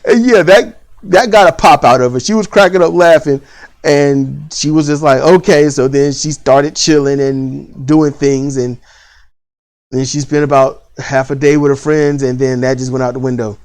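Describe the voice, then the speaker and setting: A vlogger ranting bluntly about parenting and school in a casual, repetitive way, with lively rises in pitch. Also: moderate pace. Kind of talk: opinion rant to camera.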